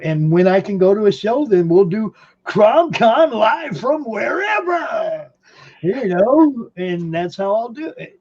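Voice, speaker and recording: A man's voice: high voice, mellow, dull audio. A man hosting a podcast from home in rambling casual chat, laughing often. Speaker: podcast host.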